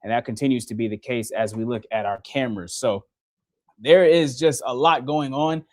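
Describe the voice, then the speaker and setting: A man's voice: medium pitch, moderate pace, no echo. A young man giving a casual live-stream weather update from a TV studio, chatty and laughing often as he works the radar. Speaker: TV meteorologist. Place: TV station studio.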